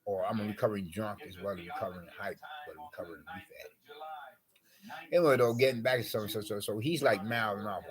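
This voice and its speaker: A man's voice: lowish voice, fast, husky, low-quality recording. Rambling, wordy man talking to camera. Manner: wordy, repetitive, full of filler phrases. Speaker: vlogger.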